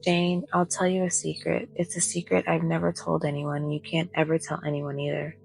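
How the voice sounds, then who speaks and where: Woman reading as a gentle sad imaginary friend. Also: low-pitched, completely flat delivery, fairly quick, creaky, faint music behind, poor audio. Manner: soft-spoken, gentle. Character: tender male imaginary friend, gentle and sorrowful.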